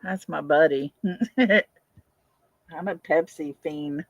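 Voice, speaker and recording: A woman's voice: low-pitched, very slow, dry recording, highs cut off. An older woman hosting a casual livestream, chatting, answering viewer comments and laughing often. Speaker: livestream host.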